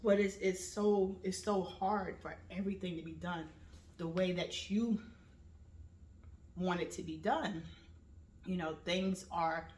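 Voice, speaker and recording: A woman in her late thirties hosting a casual personal monologue, with lively storytelling that slips into voices when she quotes her family. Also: medium pitch. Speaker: vlog host. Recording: roomy echo.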